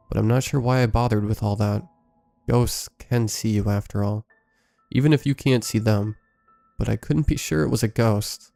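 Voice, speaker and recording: A man reading a first-person scary story aloud in a measured, scripted storytelling delivery. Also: on the low side, creaky, mellow. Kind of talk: scripted horror story narration.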